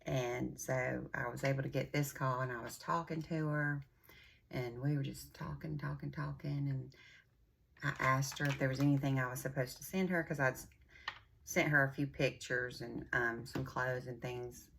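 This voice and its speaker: A woman's voice: rumbling low, steady tone, normal speed, gravelly, slight background noise. An older woman, chatting casually in a vlog, rambling and folksy, with a bit of a runny nose. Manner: chatty, rambling storyteller with a warm folksy drawl. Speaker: vlogger.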